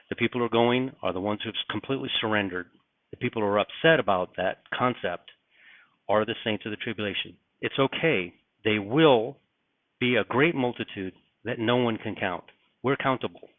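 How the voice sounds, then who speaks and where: A middle-aged man preaches with urgent earnestness, often repeating himself for emphasis. His voice sits low. The recording is dry and tinny, like a phone line. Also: no room sound. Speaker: religious video host. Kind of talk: end-times preaching vlog.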